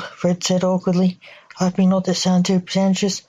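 A woman narrating a short story in a steady, unhurried reading voice. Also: fairly low pitch, highs cut off. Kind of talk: scripted narration.

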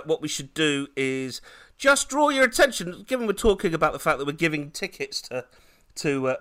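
A man hosting a podcast, energetic and theatrical, laughing often as he chats with guests. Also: fairly high pitch. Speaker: podcast host. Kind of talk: lively podcast banter.

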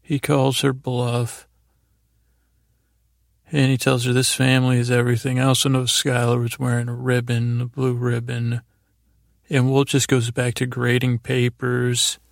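A man's voice: mid-range voice, completely flat delivery, measured pace, vocal fry, no room sound, studio quality. A man hosting a sleep podcast, loosely retelling TV scenes in a meandering bedtime ramble.

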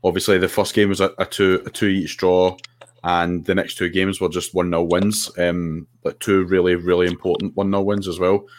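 A man with a Scottish accent, a podcast co-host giving his views in casual football chat, hesitant with many pauses. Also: low-pitched, flat delivery. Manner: hesitant, lots of ums and restarts.

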